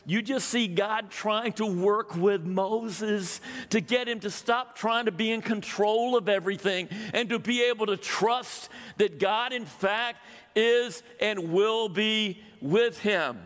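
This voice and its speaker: Older male pastor, fairly high voice, chatty sermon delivery, long hall reverb. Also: unhurried, few pauses, a bit bright. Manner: conversational, asks the congregation questions.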